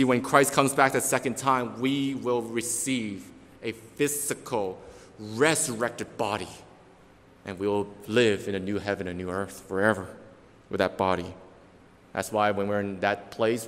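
A male pastor delivers an expository sermon in an earnest, emphatic manner, repeating key phrases for weight. His voice sits at an ordinary middle pitch. The sound rings with the long reverb of a church sanctuary. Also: fairly bright tone.

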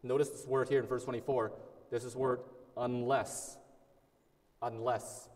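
A man's voice: medium pitch, little pitch movement, fast talker, warm tone. Earnest male preacher in a reverberant hall. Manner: earnest, emphatic preaching with repetition and restarts. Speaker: pastor. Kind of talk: sermon.

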